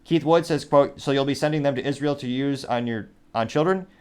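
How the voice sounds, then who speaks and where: A man's voice: mid-range voice, brisk, smooth. A male host giving commentary on news and social media posts, reading comments aloud with dry asides. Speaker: show host.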